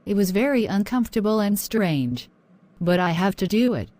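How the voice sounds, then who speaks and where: A woman's voice: medium pitch, animated, moderate pace, darkish tone, close to an everyday voice. Jennifer, a woman voicing a timid troubled student. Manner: hesitant, subdued, apologetic. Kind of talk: animated story voice acting.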